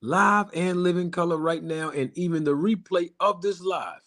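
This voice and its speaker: A man with a slightly higher voice hosts a live stream, talking straight to his viewers. He speaks emphatically and in repeating phrases, stretching out key lines for weight. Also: normal speed, a bit bright. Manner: emphatic and repetitive, addressing viewers directly. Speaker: boxing YouTube channel host.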